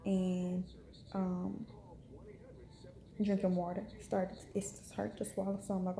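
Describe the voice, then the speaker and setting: A young woman in a hospital room, unwell and in pain, talks frankly to camera with a steady, even pitch and a soft, mellow tone. The sound carries a roomy echo with faint ambience behind her. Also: slow, vocal fry, long pauses. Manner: frank, chatty, many fillers. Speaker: vlogger. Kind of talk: casual storytelling to camera.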